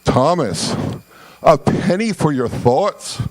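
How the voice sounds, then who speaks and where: A man voicing a sweet young woman at a picnic, speaking in a soft, coaxing lilt. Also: on the high side, expressive, takes it slowly.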